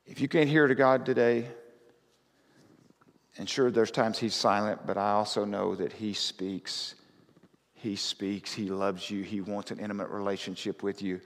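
A man preaching a conversational sermon as pastor, often rising to loud, fervent scripture reading. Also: lowish voice, fairly even intonation, measured pace. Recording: reverberant hall.

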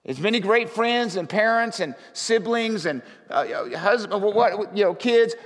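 A man's voice: high voice, lively intonation, measured pace. Male pastor preaching in a reverberant hall. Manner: conversational, rises to loud fervent reading. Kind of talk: sermon.

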